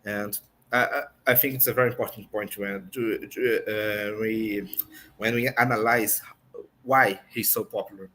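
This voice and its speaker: A man commenting on politics in an online discussion show, earnest and pausing often to search for words in English. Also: fairly low pitch, fairly even intonation, bright, forceful tone.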